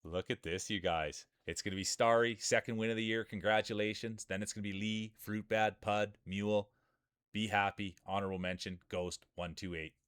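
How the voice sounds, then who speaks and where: A man's voice: on the low side, fairly even intonation, normal speed, a bit bright, clean tone, no room sound, clean studio sound. Hyped streamer man calling marble races. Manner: hyped, announcer-style, greeting chat by name. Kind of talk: mock sports play-by-play commentary.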